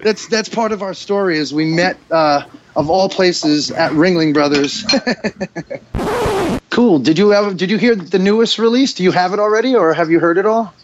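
High-voiced New York guy, rambling. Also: moderate pace, background noise. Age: 40s. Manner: rambling, laid-back, lots of "dude" and "like". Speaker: podcast guest, musician. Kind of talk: casual chat. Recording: dull dry lo-fi sound.

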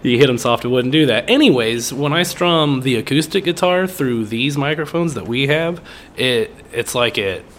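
Joking podcast man with lively pitch. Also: moderate pace, a little hiss or hum. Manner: joking, playful, animated. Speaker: podcast co-host. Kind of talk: casual crude podcast banter.

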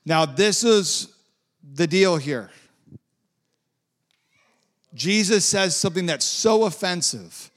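A man's voice: sits high, animated, slow pace, pauses often, a bit bright. A man preaching a sermon in a conversational way, with lilting, sing-song emphasis and casual asides.

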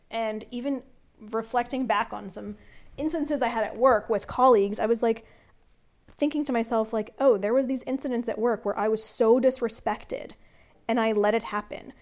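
Woman vlogger, slightly high voice, earnest and confiding, reflective storytime. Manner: drops to a calm low hush when quoting herself. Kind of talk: personal storytime vlog.

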